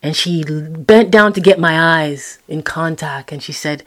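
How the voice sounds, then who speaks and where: A woman telling a personal story, expressive and acting out her own quoted words with sudden jumps in pitch and loudness. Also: unhurried, crowd noise. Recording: roomy echo.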